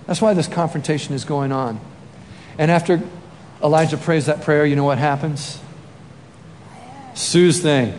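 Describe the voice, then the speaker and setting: Male preacher, high voice, animated storytelling, long hall reverb, faint room ambience. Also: measured pace, long pauses, a little hiss or hum. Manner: animated, acts out scenes with shouts and sound effects. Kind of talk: sermon storytelling.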